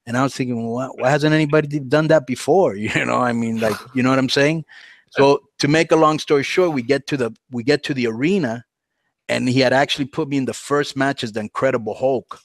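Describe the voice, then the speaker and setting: A man spinning a long story on a podcast in an easy, animated way, dropping into the voices of the people he quotes. His voice sits at a middle pitch. The sound is close and dry, with no room around it. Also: fast talker, dry recording. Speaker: podcast guest. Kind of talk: casual storytelling.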